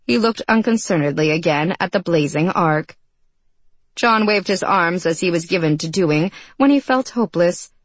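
A woman reading a fantasy novel aloud in measured, even storytelling. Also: lowish voice, dry recording. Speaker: narrator. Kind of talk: scripted audiobook narration.

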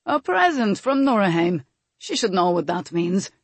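A woman's voice: mid-range voice, big pitch swings, normal speed, slightly rough, no echo. A woman voicing a guarded young nobleman who speaks earnestly, in an audiobook reading. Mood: firm.

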